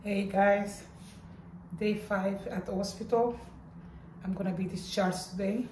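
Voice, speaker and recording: A middle-aged woman vlogging casually in while in pain after surgery, talking in a strained, halting way with groans. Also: mid-range voice, fairly even intonation, a little mellow, far from the mic, a little hiss or hum. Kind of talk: casual vlog. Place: hospital room. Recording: echoey room, voice off-mic at times.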